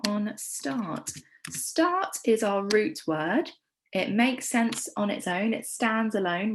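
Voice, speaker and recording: An English woman teaching a primary school lesson, with encouraging, clear teacher talk. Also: medium pitch, a little hiss or hum, low-quality recording. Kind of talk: recorded remote lesson.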